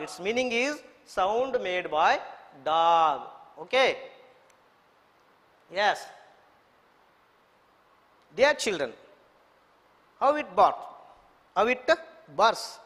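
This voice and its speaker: A man's voice: high voice, lively intonation, slow, long pauses, fairly bright tone. A man with an Indian English accent teaching a children's English lesson, repeating words and spelling them letter by letter. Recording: echoey room reverb.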